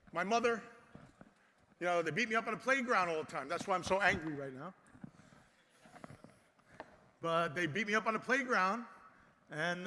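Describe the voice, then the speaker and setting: A man giving an impassioned conference speech, exhorting the crowd and swinging between loud and soft. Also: sits high. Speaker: conference speaker. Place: large conference hall. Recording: long hall reverb.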